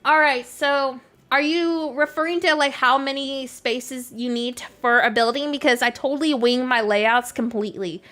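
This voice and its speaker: This young-sounding Canadian woman streams games live, chatting casually and replying to her chat with plenty of "like" fillers. Her accent blends Canadian and Southern American, and her high voice is fairly even in intonation, moderately paced, and slightly bright.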